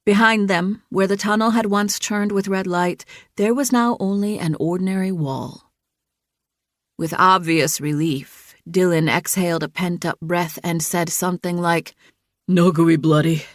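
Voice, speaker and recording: A woman narrating an audiobook thriller in a steady, measured reading. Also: lowish voice, no room sound, studio quality. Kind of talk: scripted narration.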